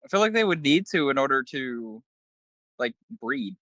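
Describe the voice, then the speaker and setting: A man's voice: medium pitch, sing-song, moderate pace, fairly bright tone, no echo. A man co-hosting a casual podcast, teasing the others and giggling, sometimes stumbling as he reads facts aloud. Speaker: podcast co-host.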